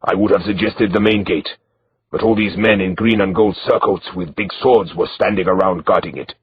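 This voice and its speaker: Wry guarded guide, broken accent, dry delivery, low register, read by a male narrator; dull recording, faint hiss. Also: steady tone, moderate pace, lightly acted.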